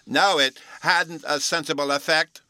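A cheeky little boy talks back in a high, loud, indignant storybook voice, as a man puts him on. His grammar is wrong and stubborn, and his tone is bright and sharp. The recording is dry and close. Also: expressive, normal speed, dry recording. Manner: indignant, ungrammatical child's talk. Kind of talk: storybook reading.

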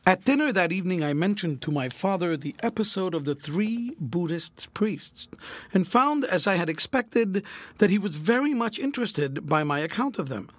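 A man narrating a classic novel aloud in a measured, clear storytelling manner. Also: high-pitched, expressive, no room sound. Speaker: audiobook reader.

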